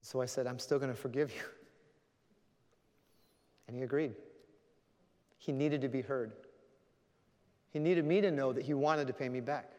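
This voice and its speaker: Man, preacher, sermon, earnest storytelling, middle pitch, long reverberant hall. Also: moderate pace, long pauses, darkish tone. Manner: storytelling, earnest, then prayerful.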